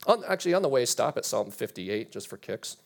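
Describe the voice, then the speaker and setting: Male pastor, animated sermon, scripture readings, rhetorical questions, mid-pitched voice. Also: fairly quick, gravelly.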